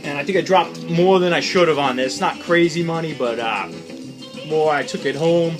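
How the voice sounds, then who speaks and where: A man's voice: a little high, normal speed, music in the background. A man who collects records, talking casually through his latest vinyl finds in a chatty, opinionated, rambling way. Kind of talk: casual unscripted record haul chat.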